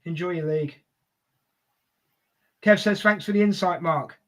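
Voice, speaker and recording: High-voiced man reacting to a match. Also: a little slow, fairly bright tone. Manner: reactive banter, calls people mate. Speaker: co-host of a football fan livestream. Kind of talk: live match reaction chat.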